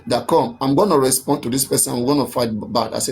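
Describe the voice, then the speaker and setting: A man hosting a live stream, earnestly explaining a dispute in a measured way and repeating himself. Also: mid-range voice, creaky.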